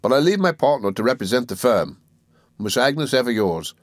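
A man reads aloud as a meek, fawning male clerk, humble, ingratiating, and sickly polite. His mid-range delivery is very animated and moderately paced, pitched above his own voice yet close to everyday speech. The recording is dry and studio quality.

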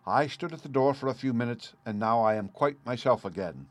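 A man's voice: medium pitch, fairly quick, dry recording, close to an everyday voice. A man voicing a nervous young wife with a faltering, breathless manner, in a dry close recording. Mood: flustered.

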